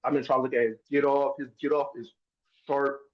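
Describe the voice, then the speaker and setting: Speaking briskly in a mid-range voice with little pitch movement, a young man from New Jersey who plays college football chats informally and enthusiastically as an easygoing interview guest. The recording has a dull, lo-fi quality.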